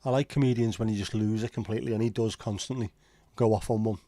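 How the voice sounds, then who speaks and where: A man's voice: on the low side, fairly even intonation, fast talker, mellow, dry recording. A man with a Liverpool accent hosting a casual livestream chat, rambling and opinionated with frequent swearing. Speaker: livestream host.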